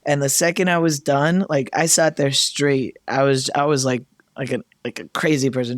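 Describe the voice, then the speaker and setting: A man hosting a podcast, telling a personal story in casual chat, animated and laughing often as he acts out what he said. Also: mid-range voice, fairly quick, no echo, studio quality. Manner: animated, laughs often, acts out his own past lines. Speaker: podcast host.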